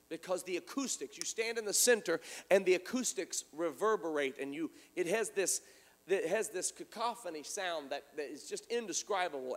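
In a large hall, a high-pitched male preacher delivers an animated sermon. He tells a story, acts out the quoted dialogue and repeats words frequently as he goes.

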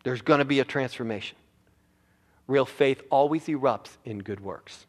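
A man's voice: medium pitch, moderate pace. A male pastor preaching a sermon, emphatic and prone to repeating words as he builds his points. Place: church sanctuary. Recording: long reverb of a large hall.

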